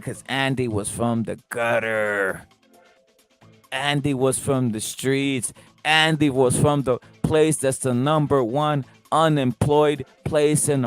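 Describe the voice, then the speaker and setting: Animated, profane male boxing talk host. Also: on the high side. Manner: animated, profane, repeats rhetorical questions. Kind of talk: live boxing talk stream.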